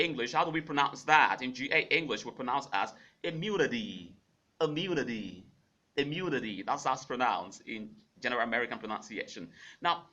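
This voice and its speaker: A man hosting a radio pronunciation lesson, repeating each word slowly several times and humming out the syllable rhythm. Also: mid-range voice, bright, forceful tone. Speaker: pronunciation teacher, radio host.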